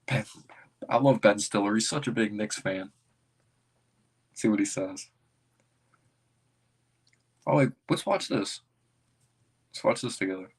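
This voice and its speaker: A man with a fairly low voice hosts a casual fan livestream, rambling and thinking out loud. He keeps breaking into excitable bursts as he reacts to his team. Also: normal speed, long pauses, breathy edge. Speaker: basketball fan streamer.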